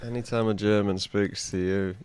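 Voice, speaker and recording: A man's voice: on the low side, fairly even intonation, moderate pace, a crowd in the background. A man co-hosting a podcast, telling rambling, wry anecdotes in casual banter. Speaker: podcast co-host.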